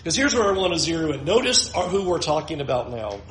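A male preacher with a notably high voice works through scripture verse by verse, slowing down to read the text aloud. The sound carries a roomy echo. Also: very animated, fairly bright tone, slight background noise. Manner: reads scripture slowly, acts out the crowd's voices. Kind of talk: sermon.

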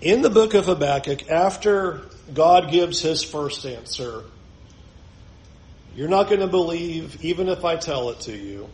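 A man's voice: a little high, animated, measured pace, a little mellow, roomy sound, poor audio. A man preaching a sermon in a conversational way, with joking asides. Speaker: pastor.

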